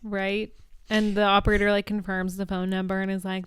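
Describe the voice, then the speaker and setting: A young adult woman co-hosting a podcast, chatty and animated as she recaps TV scenes. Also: medium pitch, a little fast, clear, resonant tone. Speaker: podcast co-host. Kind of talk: casual episode recap.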